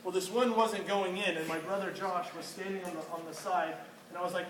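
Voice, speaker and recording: A young man preaching to a youth group, telling a lively story with laughter and questions for the listeners. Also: high-pitched, a little fast. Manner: animated, laughing storyteller who quizzes listeners. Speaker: youth pastor. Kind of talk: storytelling sermon. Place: hall with a live audience. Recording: roomy, distant, noisy room recording.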